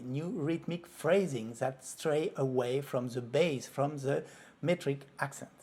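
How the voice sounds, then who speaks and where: Male flamenco teacher, husky voice, patient tutorial delivery. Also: fairly high pitch. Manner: explains calmly, breaks off to vocalize rhythm syllables. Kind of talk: tutorial explanation.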